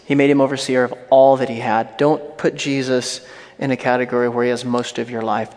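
A man's voice: mid-range voice, level tone, fairly quick, a little mellow. A man preaching a sermon with emphatic, repetitive exhortations and occasional humorous asides. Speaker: pastor. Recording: reverberant hall.

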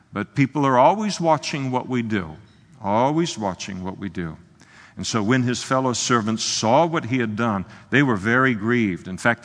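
A man preaching an expository sermon, emphatic and exclamatory, pausing on fillers and restarts. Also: fairly low pitch, a bit bright. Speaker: pastor. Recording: long hall reverb.

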